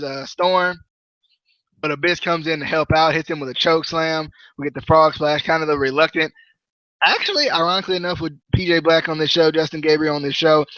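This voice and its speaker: A man hosting a podcast, chatting casually and jokily about a wrestling show in a rambling, animated way. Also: fairly high pitch, no room sound, muffled recording. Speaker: podcast host. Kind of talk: casual wrestling review chat.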